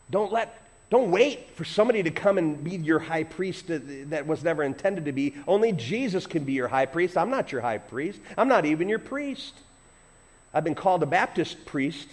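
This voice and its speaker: A middle-aged man delivers a sermon as pastor. His voice sits a little high for a man, and he tells stories with animated swings between loud emphatic lines and hushed asides. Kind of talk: sermon with personal story.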